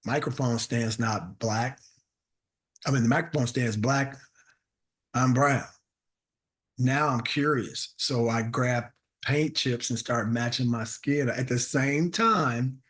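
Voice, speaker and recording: A man's voice: mid-range voice, takes it slowly. A man, a comedian, telling a self-deprecating story in conversation and acting out the voices of the people in it. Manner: animated, acts out voices of people in his stories. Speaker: comedian guest.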